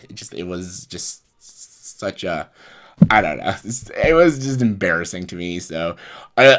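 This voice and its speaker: A man's voice: low-pitched, sharp tone. A young man telling a rambling personal story in a casual way, full of fillers and restarts. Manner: rambling, with fillers and self-corrections. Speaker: vlogger.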